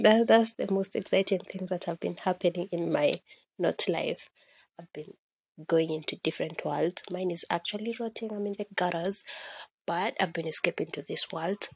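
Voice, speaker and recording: A young woman, chatting casually and excitedly about books she loved, slipping Swahili slang into her English and recording on her phone. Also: lowish voice, moderate pace, gravelly, breathy edge, dry recording. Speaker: podcast host.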